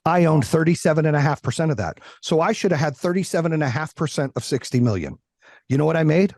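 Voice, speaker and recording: A man's voice: on the high side, fast talker, dry recording, clean studio sound. A middle-aged man talking candidly as a podcast guest, blunt and heavy on swearing. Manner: blunt, profane, animated. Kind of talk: candid interview talk.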